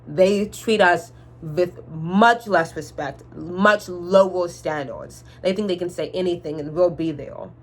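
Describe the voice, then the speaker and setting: A young woman with a soft R sound, telling a storytime rant on her vlog, exasperated and swearing freely. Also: on the low side, measured pace, few pauses. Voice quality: cannot say R sounds. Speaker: vlogger.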